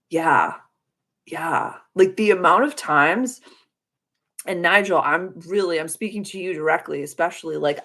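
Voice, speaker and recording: Low-voiced woman in casual rambling talk. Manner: conversational, loose and rambling with "like" and "dude". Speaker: spiritual self-help video host. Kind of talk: casual reflective monologue. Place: her own room.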